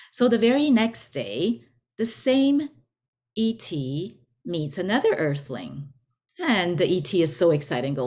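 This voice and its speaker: A woman giving an informal spiritual lesson, talking deliberately and repeating words for emphasis. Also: low-pitched, lively intonation, darkish tone. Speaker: spiritual teacher. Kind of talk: informal teaching talk.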